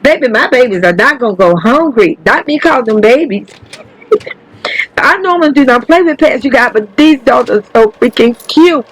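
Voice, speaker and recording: Woman, gameplay commentary host, chatty, profane, frequent laughs, pitch leaping up with excitement, calls viewers baby. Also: moderate pace, slightly rough, low-quality recording. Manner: laughs often, voice jumps high when excited. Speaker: gaming channel host.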